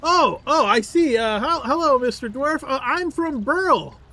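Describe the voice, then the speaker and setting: A boastful captive elf bard rattles on in a very high, piercing voice. He stammers and chatters with theatrical flair. The tone is bright and sharp throughout. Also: expressive, unhurried, heavily acted. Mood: flustered. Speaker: game master. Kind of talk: tabletop role-play voice acting.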